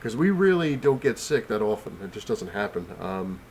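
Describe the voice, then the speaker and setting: A man with a somewhat low voice, sick and short of breath, rambles in a casual home vlog, stumbling through fillers and repeated words. A faint background noise sits under his voice. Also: very animated, moderate pace, a little mellow. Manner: rambling, full of fillers and restarts. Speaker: comic collector vlogger. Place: home, on the couch.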